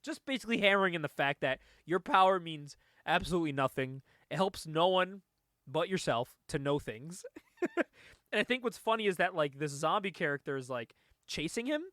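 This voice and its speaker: A man with a fairly high voice hosts a comic book podcast, talking through a story in a loose, rambling way. He laughs often and swears casually as he goes. The sound is dry, with no room echo. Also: lively intonation, moderate pace, a bit bright. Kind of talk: casual comic review chat.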